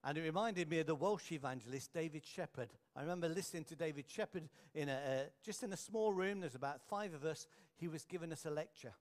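A male preacher with a somewhat high voice, telling anecdotes in an earnest sermon. He turns quiet and slow for his key points. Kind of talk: storytelling sermon.

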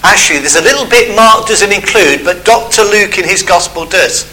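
A man's voice: high voice, lively intonation, normal speed, bright, forceful tone, a little hiss or hum, rough recording. A man preaching a sermon, telling a Bible story and acting out the characters' voices.

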